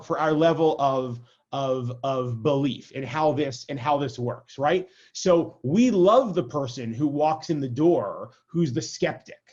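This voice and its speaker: Over a video call, a rabbi leads an informal adult class, chatting conversationally, often asking "right?" and making self-deprecating jokes. His voice sits a little high and sounds a little mellow, with the highs cut off.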